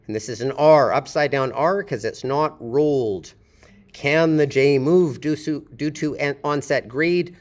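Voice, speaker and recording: A man's voice: fairly high pitch, a little slow. A man teaching pronunciation and reviewing his students' phonetic transcriptions, patiently drawing out each sound as he demonstrates it.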